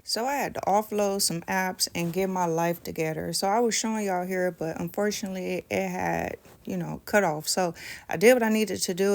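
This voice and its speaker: A woman with a low, creaky voice does her nails on camera, chatting playfully with her audience. She's a pregnant nail tutorial vlogger who seems at ease.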